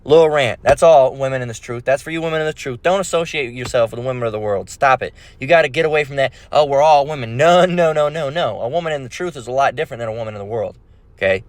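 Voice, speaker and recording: A man's voice: medium pitch, fast talker, no room sound. A man preaching in a casual rant, blunt and profane, full of fillers and restarts. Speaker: bible preacher.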